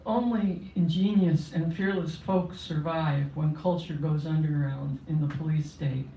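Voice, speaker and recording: A poet at a cafe open mic, giving a measured, solemn reading of a first-person poem. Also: mid-range voice, muffled recording, a little hiss or hum. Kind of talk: poetry reading. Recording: roomy cafe sound from a distance.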